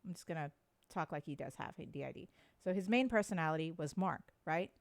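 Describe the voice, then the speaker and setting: A woman's voice: low voice, lively intonation, fairly quick, vocal fry, dry recording. A woman co-hosting a live podcast in casual chat, gushing and enthusiastic about what she is discussing. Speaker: podcast co-host.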